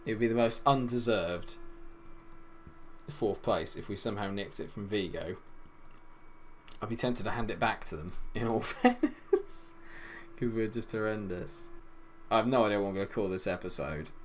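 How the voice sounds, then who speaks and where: Fed-up guy moaning over his football game, lowish voice, faint hiss behind. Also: fairly quick, long pauses. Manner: exasperated, swings from loud outbursts to low grumbling. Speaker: gaming YouTuber. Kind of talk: video game commentary.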